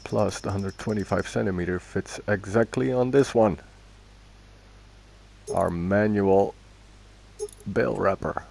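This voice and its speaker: A man's voice: lowish voice, unhurried, gravelly, pauses often, darkish tone. A man casually commenting on his own gameplay, thinking aloud as he goes and correcting himself along the way. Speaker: gaming video host.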